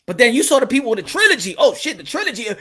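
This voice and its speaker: A young man rants about boxing in a loose, profane monologue, laughing and acting out voices as he goes. His voice sits high for a man. It has a bright, forceful edge. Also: racing, slightly rough. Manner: animated, profane, laughs often, acts out quotes. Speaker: boxing commentator. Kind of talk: casual monologue.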